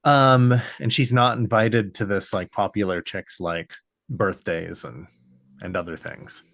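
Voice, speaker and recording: A man's voice: fairly low pitch, steady tone, measured pace, a bit bright, no echo, clean studio sound. A man co-hosting a podcast in casual chat, rambling with many fillers and restarts. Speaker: podcast co-host.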